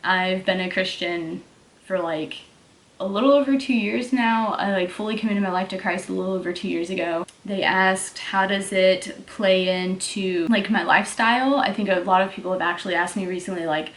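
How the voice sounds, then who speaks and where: A young fitness vlogger from Texas, with a mild Texas accent, answers viewer questions in a casual Q&A vlog, saying "like" a lot. Her voice is mid-range and fairly quick, recorded in an echoey room.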